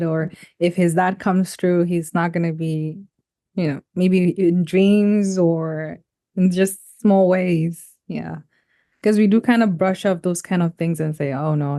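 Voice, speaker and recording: A woman's voice: on the low side, steady tone, measured pace, dark tone, dry recording, studio quality. A woman hosting a podcast interview, asking questions in a thoughtful, loose way with many fillers. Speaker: podcast host.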